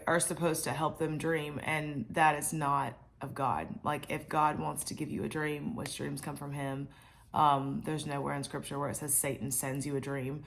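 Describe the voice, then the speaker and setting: A woman's voice: sits low, fairly bright tone. A woman vlogger giving a casual Bible reflection, chatty with many fillers and asides.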